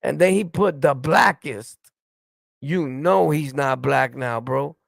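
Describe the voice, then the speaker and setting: A man's voice: mid-range voice, a little slow, gravelly, dry recording. A man from New York City with a New York accent, hosting a stream and delivering blunt, profane, combative commentary. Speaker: streamer host. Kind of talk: ranting reaction commentary.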